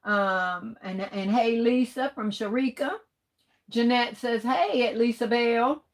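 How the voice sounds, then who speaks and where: Woman warmly greeting her livestream chat. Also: on the high side, takes it slowly, poor audio. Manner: affectionate greetings, calls viewers baby and honey. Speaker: livestream host. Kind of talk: casual livestream chat, reading comments aloud.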